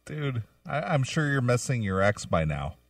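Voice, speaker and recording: A man of middle pitch hosting a comedy talk show, making wry jokes with a voice that rises and falls a lot. The recording is dry, and he sits a bit away from the mic. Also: sing-song, normal speed, no echo, recorded from a distance. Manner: wry, joking. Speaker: host.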